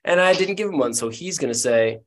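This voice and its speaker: A man's voice: a little high, animated, fairly quick. Guy running a tabletop game, jokey and easygoing. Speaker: game master.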